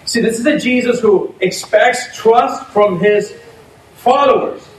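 A man with a high voice gives a lively, chatty sermon, laughing at his own points. He is picked up from some distance in an echoey room with a faint hiss underneath. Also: unhurried. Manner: animated, conversational preaching with laughs. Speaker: pastor.

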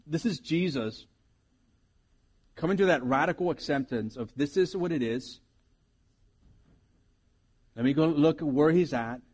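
A man's voice: fairly high pitch, animated, unhurried, long pauses, darkish tone, slightly rough. Earnest male pastor preaching. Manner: earnest, reflective, with restarts. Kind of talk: sermon.

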